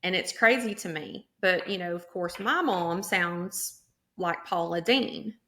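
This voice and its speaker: A woman in her forties with an Arkansas Southern accent and drawn-out vowels, hosting a casual podcast chat. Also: on the low side, a bit bright, slight background noise. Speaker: podcast host.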